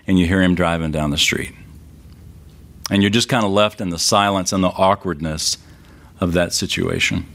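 A middle-aged man preaching a sermon, telling a story with rising and falling emphasis. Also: lowish voice. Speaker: pastor.

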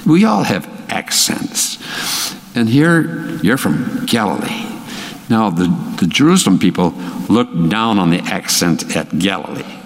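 A man with a Minnesota accent teaching a Bible study, emphatic and animated, his voice jumping in pitch for emphasis. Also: measured pace, big-room sound.

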